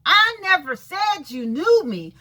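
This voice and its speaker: A woman's voice: very high voice, big pitch swings, slow pace, bright, forceful tone. A woman venting in a casual video rant, blunt and sassy, cursing freely and talking straight to people she calls out. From California. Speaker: vlogger.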